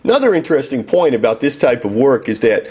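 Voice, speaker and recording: A man's voice: mid-range voice, very animated, quick pace, darkish tone, husky. A man reading his own first-person memoir in a wry, sardonic way. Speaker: author and narrator.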